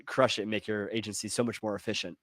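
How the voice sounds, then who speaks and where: A man's voice: fairly low pitch, little pitch movement, quick pace, fairly bright tone, no room sound. A man co-hosting an online call, chatty and hesitant with many filler sounds. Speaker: webinar co-host. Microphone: video call.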